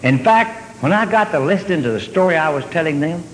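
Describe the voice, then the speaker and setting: A man telling a long comic story on stage, drawling and deadpan, then jumping up in excitement. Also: on the high side, quick pace, slight background noise. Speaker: comedian. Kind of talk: stand-up storytelling. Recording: hall reverb with faint ambience.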